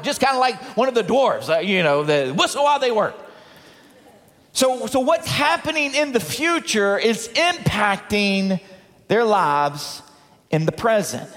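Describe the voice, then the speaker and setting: A man preaching a sermon as pastor, loud and emphatic, reading scripture and praying with a congregation. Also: very high-pitched, very animated, moderate pace. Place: church sanctuary. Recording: long hall reverb.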